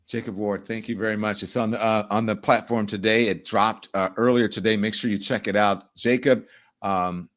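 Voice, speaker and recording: A man's voice: lowish voice, fairly even intonation, a bit bright. A man hosting a talk show, thanking a guest and moving on to the next story. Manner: conversational, then brisk read of an ad. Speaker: host.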